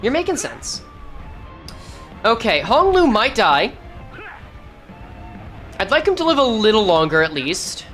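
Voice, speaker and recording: A woman's voice: on the high side, big pitch swings, measured pace, long pauses, a bit bright, faint music behind. A woman streamer giving casual gameplay commentary, thinking aloud and correcting herself as she goes. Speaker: game streamer.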